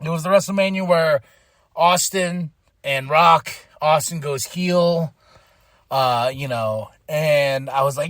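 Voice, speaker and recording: A man hosts his podcast alone, rambling through a wrestling recap with bursts of excitement and laughter. His voice sits a little high for a man. The sound is dry, with almost no room echo. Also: slow. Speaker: podcast host. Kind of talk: casual solo wrestling recap.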